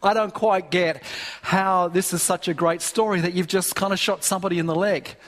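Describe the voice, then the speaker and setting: A man's voice: high-pitched, steady tone, normal speed, a bit bright. A man voicing a patient, puzzled city pastor questioning a visitor. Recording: long hall reverb.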